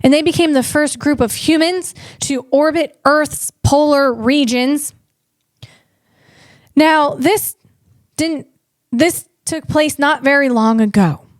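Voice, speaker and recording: A woman with a high voice rambles through a comic podcast monologue, restarting her sentences as she goes. The sound is dry and close, with no room around it. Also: slow, no room sound. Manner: rambling, animated, with frequent restarts. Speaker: comedian podcast host. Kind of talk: comedic monologue.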